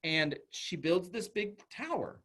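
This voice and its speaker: Animated man telling a classroom story. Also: high-pitched, slightly rough. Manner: earnest, halting restarts, animated storytelling. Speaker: school psychologist giving a talk. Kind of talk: storytelling presentation.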